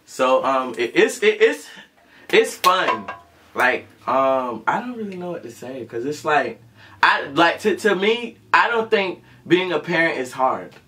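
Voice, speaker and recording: A man's voice: on the high side, very animated, measured pace, pushed and bright. A man co-hosting a casual chat, rambling and circling back with many fillers. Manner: rambling, lots of fillers and restarts. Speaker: co-host.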